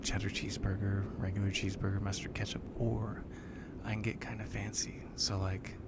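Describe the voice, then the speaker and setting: A man hosting a whispered ASMR live chat, talking softly with his viewers. He is a bit congested. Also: fairly low pitch, level tone, brisk, heavy background noise. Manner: soft whispering, chatting with viewers. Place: lying down.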